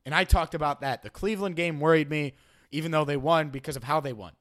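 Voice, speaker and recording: A man's voice: fairly high pitch, quick pace. A man hosting a sports podcast, analyzing his team and arguing with imagined critics, often repeating himself as he starts a thought. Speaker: podcast host.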